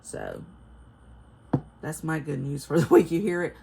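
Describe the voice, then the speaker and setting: A middle-aged woman with a Southern US accent, chatting casually to camera as a vlogger, folksy and quick to laugh. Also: deep voice, huge pitch swings, gravelly, noisy background. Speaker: vlogger reviewing a Bible study.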